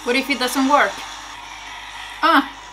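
A woman's voice: high voice, slow, over music. A young woman casually reacting aloud to a TV episode, exclaiming, swearing and laughing between remarks. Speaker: reaction video host.

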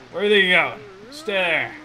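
A man with a high, pushed, bright voice hosts a let's play, groaning and muttering in frustration as he keeps failing. The audio quality is poor.

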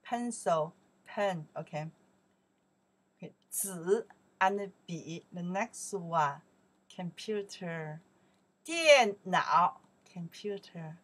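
Slow, breathy woman teacher. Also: lowish voice. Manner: slow, repeats each word, swings up loudly on the Chinese words. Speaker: Chinese teacher. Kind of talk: vocabulary lesson.

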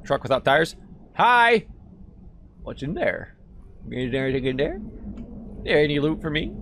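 Man gaming streamer, animated pitch swings, slightly high voice, sarcastic, yells when startled. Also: a little slow, slight background noise. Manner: excitable, sarcastic, bursts into shouts. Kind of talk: casual gameplay commentary.

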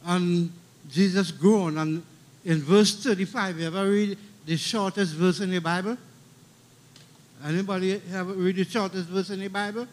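A man's voice: high-pitched, steady tone, moderate pace. A middle-aged man with a Trinidadian accent preaching a funeral sermon, emphatic and repeating key lines, calling out for amens.

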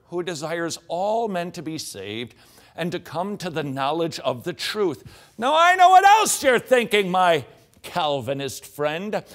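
Middle-aged guy teaching bible verses, super lively up-and-down voice, throws in jokes. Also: on the high side. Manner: animated, jokey asides, reads scripture aloud. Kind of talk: teaching on a studio show.

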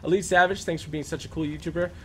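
A man's voice: fairly high pitch, fairly even intonation, a little hiss or hum. Upbeat young man hosting a game stream. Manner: upbeat, quick shout-outs, some stumbles. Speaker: gaming YouTuber hosting a live stream. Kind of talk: casual live-stream chat, reading out super chats.

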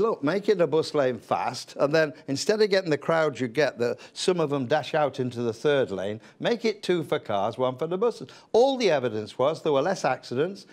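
Older guy, blunt anecdote-teller, plain mid-pitched voice. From England. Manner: blunt, lively storyteller. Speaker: interview guest, retired politician. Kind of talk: anecdotal storytelling.

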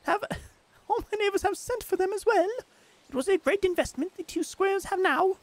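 A woman's voice: very high-pitched, normal speed, voice pushed up. A streamer doing a put-on British accent to read out a letter as a prim, genteel English lady in a game. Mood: genteel, chatty.

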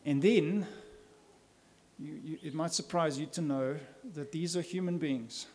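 Male pastor, slightly raised pitch, emphatic church sermon delivery. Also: unhurried, a little mellow. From South Africa. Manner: earnest, emphatic preaching with rhetorical questions.

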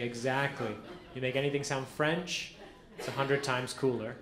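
A man performing a stand-up comedy set on a club stage, telling deadpan stories with acted-out quotes. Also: mid-range voice, fairly quick. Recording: echoey club with audience noise. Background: audience laughter.

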